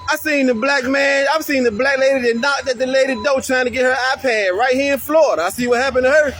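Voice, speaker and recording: High-voiced American man preaching a response. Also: quick pace, fairly bright tone, a little hiss or hum. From United States. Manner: slangy, fires repeated rhetorical questions. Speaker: commentator responding to another video. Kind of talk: preachy rhetorical monologue.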